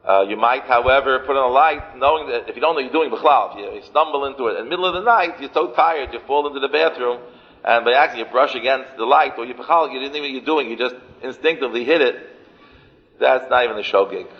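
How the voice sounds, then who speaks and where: A rabbi with a mid-range voice delivers a sermon at a fast clip, repeating phrases for emphasis and weaving in Yiddish and Hebrew terms. The recording sounds muffled and carries a long hall reverb.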